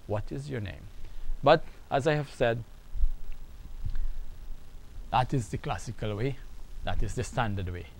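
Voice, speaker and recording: Slow-spoken male Arabic teacher. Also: medium pitch, lively intonation, vocal fry, slight background noise, low-quality recording. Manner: slow, repetitive, drills phrases aloud. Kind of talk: online language lesson.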